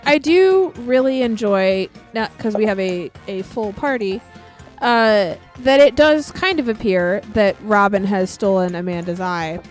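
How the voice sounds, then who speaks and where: A woman's voice: mid-range voice, a little slow, faint music behind. A woman chatting on a video call livestream in a playful, teasing way. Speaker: livestream co-host. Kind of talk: casual group chat on a livestream.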